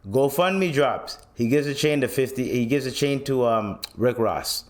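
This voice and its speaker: Here the Canadian podcast host talks at medium pitch and a little slowly. His casual rant is full of swearing and lively storytelling, with the people he quotes acted out in their own voices.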